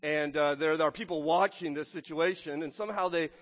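Male pastor, sermon delivery, lively and theatrical, high-pitched, reverberant church hall. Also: brisk. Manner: animated, acts out voices, keeps asking "right?".

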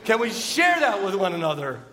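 Man, pastor, sermon, high voice, rhetorical questions, repeats himself, long church reverb. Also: huge pitch swings, a little fast, bright, forceful tone.

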